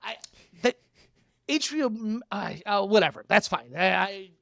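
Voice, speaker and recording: Animated, swearing podcast co-host, a man. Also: high-pitched, normal speed, gravelly, no echo, studio quality. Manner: animated, swears often, laughs a lot. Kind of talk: casual podcast chat.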